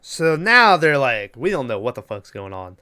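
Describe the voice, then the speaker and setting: A man co-hosting a podcast, casually retelling a movie plot with lots of swearing and quick impressions of the characters. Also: mid-range voice, big pitch swings, bright, forceful tone. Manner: rambling, swears freely, acts out characters' lines. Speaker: podcast co-host. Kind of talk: casual movie recap chat.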